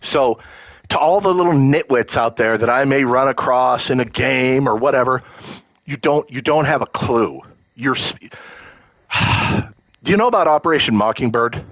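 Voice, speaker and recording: This livestream host, a man with a mid-range, somewhat bright voice, speaks at normal speed through a live political rant. He's heated, profane and emotional, often stumbling and restarting his sentences. The recording is rough but has no echo.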